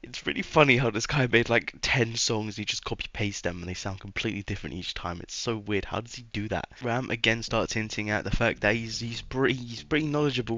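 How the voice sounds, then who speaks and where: A man's voice: medium pitch, brisk, few pauses, sharp tone, lo-fi sound. A man doing a casual, rambling voice-over commentary on a video game, sarcastic and trailing off into mumbles at times.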